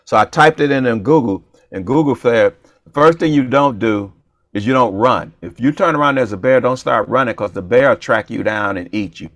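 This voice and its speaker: A man's voice: mid-range voice, fairly quick, no room sound. A man co-hosting a talk show, telling a funny story in a casual, playful way and acting out the dialogue. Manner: animated, playful, acts out dialogue. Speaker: comedian and show co-host.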